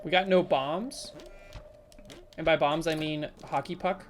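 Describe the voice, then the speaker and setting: Low-voiced woman streamer chatting casually. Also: fairly even intonation, measured pace, soft background music. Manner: casual, playful, talks back to chat with sudden loud exclamations. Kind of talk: live gameplay commentary chatting with viewers.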